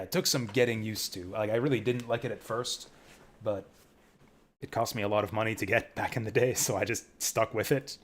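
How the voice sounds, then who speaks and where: Rambling man streaming a game. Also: mid-range voice. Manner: rambling, many fillers. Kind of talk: casual game commentary.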